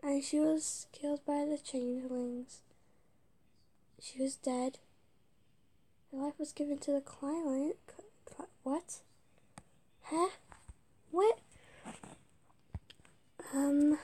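A woman playing a video game, reading its text aloud haltingly and muttering whispered asides between stumbles. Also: sits high, steady tone, mellow. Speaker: let's-play gamer.

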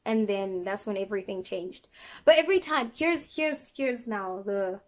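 A woman's voice: medium pitch, lively intonation, moderate pace. A young woman from South Africa with an American accent, telling a story to her viewers in a chatty way, full of "like" fillers. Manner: chatty, lots of 'like' fillers, addresses viewers as guys. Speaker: vlogger. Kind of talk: casual storytelling to camera.

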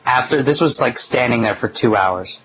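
A young man of middling pitch tells a story in a loose, rambling way, filling his sentences with "like" and the odd curse. It sounds like a relaxed chat recorded on a phone, with a faint hiss underneath. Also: normal speed, rough recording. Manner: rambling, full of "like" and mild swearing. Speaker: podcast host.

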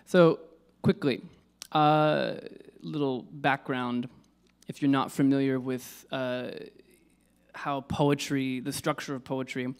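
A man's voice: mid-range voice, flat delivery, takes it slowly, clean tone. A man giving an informal lecture on poetry. He hesitates, corrects himself and uses many fillers.

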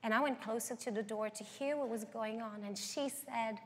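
A woman's voice: fairly high pitch, fairly even intonation, normal speed, hardly any pauses. A young woman, a guest singer, telling her life story earnestly in an interview. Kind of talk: interview testimony. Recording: long hall reverb.

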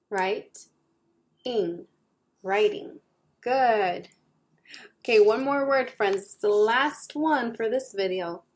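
A woman teacher giving a children's lesson, speaking slowly and encouragingly and splitting words into syllables for young learners to repeat. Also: medium pitch.

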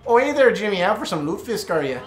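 A man's voice: high-pitched, sing-song, fast, echoey room, soft background music, pitched above the performer's own voice. A man voicing a chummy Canadian school prefect with a folksy manner.

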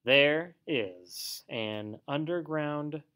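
A man's voice: on the high side, drawn-out words, pushed and bright, clear, resonant tone, voice pushed up, full character voice. A man voicing a stern old male badger in a storybook read-aloud, with a dry, severe manner.

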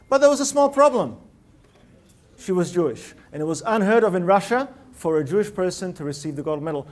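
On stage in a lecture hall, a man with a distinctly high speaking voice delivers a TED-style talk. He is lively and punchy, peppering the live crowd with rhetorical questions.

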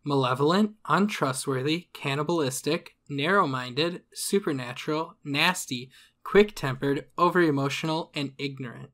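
A man's voice: on the high side, moderate pace, a bit bright. A man hosting a casual comedic podcast who explains the topic from notes to his cohosts and laughs at his own jokes. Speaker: podcast host presenting the topic. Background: other hosts talking.

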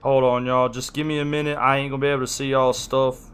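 A man's voice: mid-range voice, little pitch movement, quick pace, fairly bright tone, a little hiss or hum. A man chatting casually on a live stream, rambling, flustered and apologetic.

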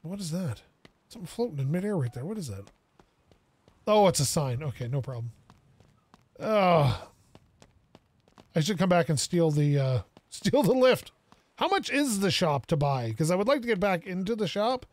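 A young man giving casual let's-play commentary, excitable and self-mocking, talking to himself as he plays. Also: high-pitched, normal speed, long pauses, no echo. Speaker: gaming video creator.

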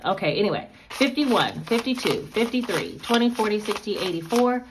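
A woman talks through her budget in a casual, chatty vlog. She addresses viewers directly. Her pitch sits in a middle range, and she counts bills aloud as she goes. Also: animated, normal speed, background noise. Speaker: budgeting vlogger.

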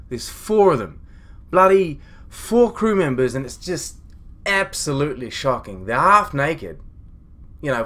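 A man's voice: on the high side, pushed and bright, exaggerated voice. A man playing a grumpy, foul-mouthed starship captain, rambling and ranting with indignation in a comedy monologue. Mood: grumbling. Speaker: comedy web series creator.

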